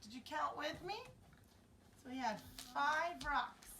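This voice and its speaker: A young woman with a fairly high voice tells a Bible story to children, taking her time and acting out voices and sound effects along the way. Her voice comes from some distance from the mic. A faint room noise sits under it. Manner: slow, expressive, acts out voices and sound effects. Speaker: children's Sabbath school teacher.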